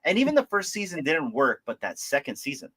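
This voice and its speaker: Bright-voiced man hosting a chat. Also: a little high, wildly swooping pitch, brisk, husky. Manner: rambling, enthusiastic, many fillers. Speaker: livestream host. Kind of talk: casual chat.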